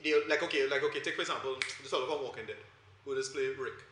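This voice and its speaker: A man, co-hosting a casual film review chat in an animated, excitable way. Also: medium pitch, racing, slight background noise. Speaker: podcast co-host. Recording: echoey room.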